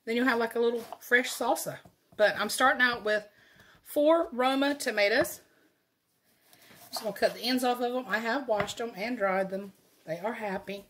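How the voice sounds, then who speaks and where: A woman's voice: a little high, normal speed, a bit bright, slight background noise. A woman with a Southern accent hosting a casual cooking video in her home kitchen, chatty and folksy, laughing often. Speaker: cooking channel host.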